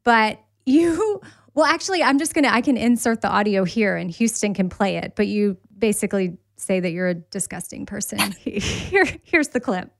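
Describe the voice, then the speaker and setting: A woman's voice: medium pitch, lively intonation, normal speed, vocal fry, no echo. Upbeat woman host chatting away, dry close mic. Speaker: podcast host. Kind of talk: casual chat.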